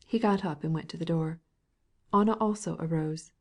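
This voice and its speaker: Mellow, low-voiced woman narrating a novel. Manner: calm, measured reading. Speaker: audiobook narrator. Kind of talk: audiobook narration.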